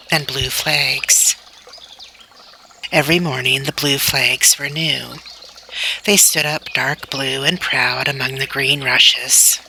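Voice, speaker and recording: A woman reading a children's novel aloud in a slow, deliberate, gentle way. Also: rumbling low, creaky, a little hiss or hum. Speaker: storybook reader.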